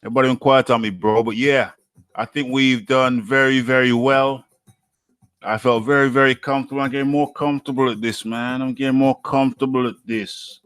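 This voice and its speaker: Relaxed man hosting a live boxing stream. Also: medium pitch, a little fast, clean tone, no room sound, clean studio sound. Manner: relaxed, reads out viewer names and comments. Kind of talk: casual live-stream chat.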